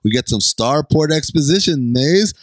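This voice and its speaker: A man's voice: fairly high pitch, normal speed, no room sound. A man co-hosting a podcast, chatting casually and animatedly about an episode. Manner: animated, reenacts lines in funny voices. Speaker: podcast co-host. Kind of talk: casual chat recapping an episode.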